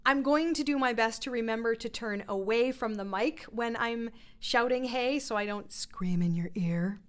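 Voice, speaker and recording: A woman's voice: on the high side, normal speed. A woman vocal coach teaching a voice lesson in a playful, encouraging way. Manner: instructive.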